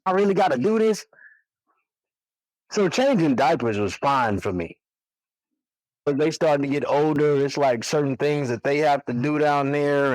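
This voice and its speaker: A man in his forties tells a story in a loose, conversational way, voicing the people in it as he goes. His pitch sits in an ordinary middle range, and the sound is close and dry, with almost no room around it. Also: dry recording, poor audio. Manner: relaxed, animated storytelling with quoted dialogue. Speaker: podcast guest, single father.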